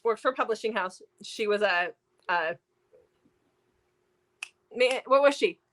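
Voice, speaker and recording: A woman's voice: medium pitch, animated, a little slow, a bit bright. A woman co-hosting a book review show, chatting casually and animatedly with lots of fillers. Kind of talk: casual chat.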